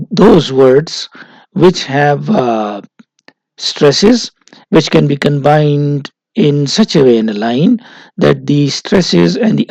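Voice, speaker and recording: A man lectures at a slow, deliberate pace, stopping often on "uh" as he explains each point. His fairly high voice is gravelly with a husky edge. The recording is dry and close. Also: darkish tone, no echo, low-quality recording. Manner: slow, methodical, frequent "uh" pauses.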